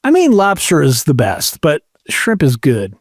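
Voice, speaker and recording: A man's voice: on the high side, wildly swooping pitch, unhurried, no echo, clean studio sound. A man co-hosting a podcast in casual chat, rambling and jokey. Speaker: podcast co-host.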